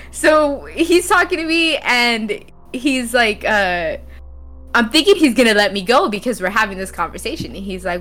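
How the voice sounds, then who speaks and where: A woman co-hosting a gaming talk stream, telling stories in an animated casual way and laughing often. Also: fairly high pitch, normal speed. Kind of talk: casual chat, storytelling.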